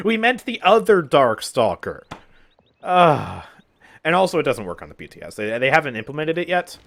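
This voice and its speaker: Young man, gaming YouTuber, casual commentary, exasperated, sarcastic, animated pitch. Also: normal speed, creaky. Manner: exasperated, sarcastic, frequent laughs and sighs.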